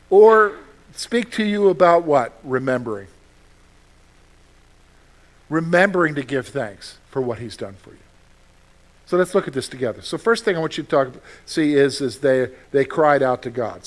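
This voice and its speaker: A man's voice: a little high, a bit bright. A man preaching a sermon in a conversational way, asking his congregation questions and acting out short voices. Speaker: pastor.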